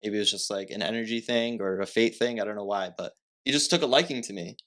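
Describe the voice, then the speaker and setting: Slightly low-voiced young man telling a story. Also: quick pace, a bit bright. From Massachusetts. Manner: rambling, heavy filler words, self-correcting. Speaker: podcast guest. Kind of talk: casual storytelling.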